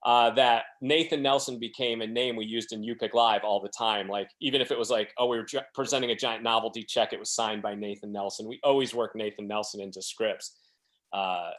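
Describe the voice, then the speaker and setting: A man's voice: mid-range voice, fairly quick, fairly bright tone. A man telling rambling, self-deprecating stories as a podcast guest, acting out the quotes of other people. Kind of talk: casual storytelling.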